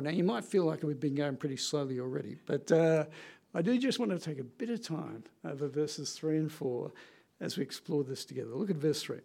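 Gravelly-voiced male preacher. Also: fairly high pitch, darkish tone. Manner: earnest, conversational preaching with dramatic pauses. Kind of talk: sermon.

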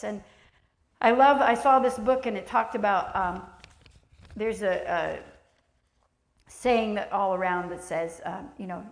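A woman's voice: mid-range voice, measured pace, long pauses, roomy sound. A woman preaching a sermon in a church sanctuary, reading scripture aloud, speaking earnestly and with emphasis, and asking the congregation questions.

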